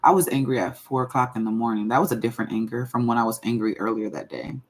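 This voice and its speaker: A woman hosting her own channel, talking in a casual livestream and venting slowly and deliberately, circling back to repeat her points. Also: very deep voice. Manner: slow, measured venting, repeats herself. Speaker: channel host.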